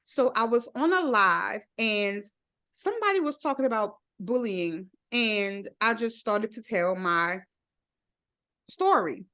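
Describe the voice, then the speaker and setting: A woman's voice: medium pitch, lively intonation, slow, pushed and bright. A woman guest in a podcast interview, speaking openly and laughing often as she tells her own story. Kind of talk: candid interview.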